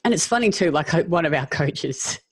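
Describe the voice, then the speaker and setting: A woman's voice: low-pitched, animated, a little fast, slightly rough, no echo. Chatty woman host, dry close sound. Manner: chatty, lots of "like" and "you know". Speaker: health coach and podcast host. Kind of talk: casual conversation.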